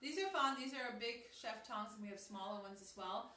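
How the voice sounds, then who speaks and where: A woman's voice: a little high, animated, normal speed, bright, forceful tone. A woman hosting a casual live-stream cooking demonstration from a home kitchen, chatty and upbeat, talking straight to her viewers with frequent ums. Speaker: host of a live cooking demo. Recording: echoey kitchen, distant mic, faint noise.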